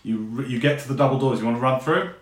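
A man narrating as game master for a tabletop game, relaxed and chatty with lots of fillers. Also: medium pitch, fast. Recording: echoey room with faint noise.

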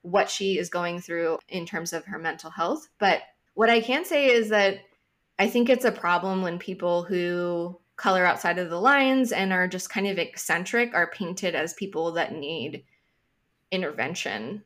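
A woman's voice: lowish voice, a little slow, fairly bright tone. A woman astrologer talking casually on a podcast, thoughtful and emphatic, with frequent hedging asides. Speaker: astrologer guest.

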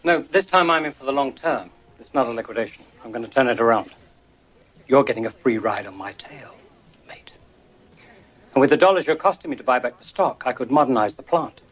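A man's voice: lively intonation, brisk, close to an everyday voice. An actor playing a proud wealthy businessman who makes cold, clipped threats in a film scene. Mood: firm. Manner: clipped, menacing, low-key threats. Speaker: rival tycoon in a film scene.

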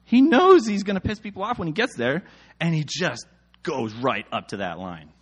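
A man's voice: fairly high pitch, very animated, moderate pace, breathy edge. A man in his thirties reading scripture aloud and breaking off into jokey, exasperated asides about it. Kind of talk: casual scripture reading and commentary.

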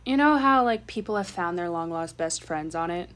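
A woman's voice: fairly low pitch, animated, moderate pace, fairly bright tone. A young woman co-hosting a podcast over a remote call, chatting casually, swearing offhand and laughing often. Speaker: podcast co-host. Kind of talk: casual chat.

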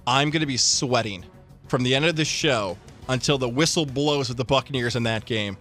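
A man's voice: mid-range voice, moderate pace, a bit bright, soft background music. A man hosting a sports radio show, listing fantasy picks and reading an upbeat event promo. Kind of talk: sports talk and promo read.

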